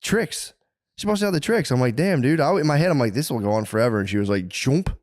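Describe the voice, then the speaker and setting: A man co-hosting a podcast, telling crude stories in casual banter and jumping into high yelps for the punchlines. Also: fast talker, no echo, clean studio sound. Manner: animated storyteller, often jumps into high yelps for punchlines. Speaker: podcast co-host.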